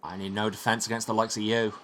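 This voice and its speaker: A man's voice: lowish voice, flat delivery, fast talker, fairly bright tone, slight background noise, lightly acted. A man voicing a pompous elderly monk who scolds and quotes scripture. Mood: stern.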